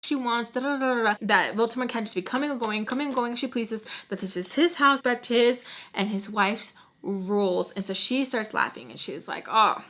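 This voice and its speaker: A young woman vlogger tells a storytime in a slightly high, somewhat bright voice that moves a little fast. She chats casually, says "like" constantly, slips in Spanish phrases, and changes her voice to act out the people she quotes.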